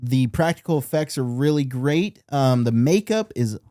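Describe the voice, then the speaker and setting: A man co-hosting a casual movie review chat, easygoing and quick to laugh, with many fillers. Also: medium pitch, expressive, warm tone, dry recording, clean studio sound. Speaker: podcast co-host.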